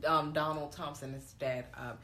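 Woman recapping a movie, lots of cussing and slang, bright lowish voice. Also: normal speed. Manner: animated storytelling, profane slang, acts out quotes. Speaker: podcast co-host recapping a film. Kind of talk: casual chat.

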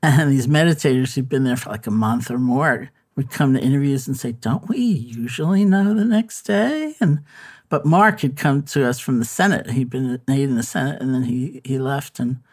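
Meditation-teacher author, male, unhurried reflective answers, average pitch. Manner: thoughtful, unhurried, with frequent fillers and restarts.

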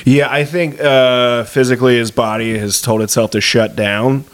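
A man co-hosting a podcast, talking sports in a measured way with frequent fillers. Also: medium pitch, flat delivery. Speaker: podcast co-host. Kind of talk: casual sports chat.

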